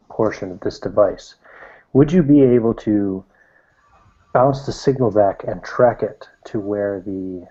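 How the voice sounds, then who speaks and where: A man playing a tabletop game, speaking in a measured, commanding way, recorded with dull lo-fi sound. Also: fairly low pitch, dark tone. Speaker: player. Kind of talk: in-character tabletop play.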